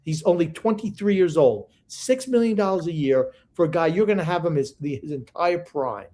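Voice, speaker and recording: Gruff opinionated older man, podcast. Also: fairly high pitch, expressive, normal speed, warm tone. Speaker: podcast co-host. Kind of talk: casual sports podcast chat.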